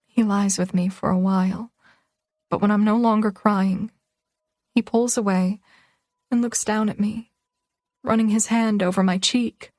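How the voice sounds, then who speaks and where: A woman's voice: medium pitch, steady tone, unhurried, pauses often, a little mellow, dry recording, clean studio sound. Emotional woman narrating a romance audiobook. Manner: emotional, tearful first-person delivery.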